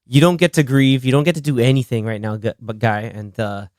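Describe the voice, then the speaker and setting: A young man hosts a casual podcast, retelling movie scenes, quoting lines in character voices and laughing often in an animated way. His voice is mid-range and fairly quick, and the recording is studio quality with no echo.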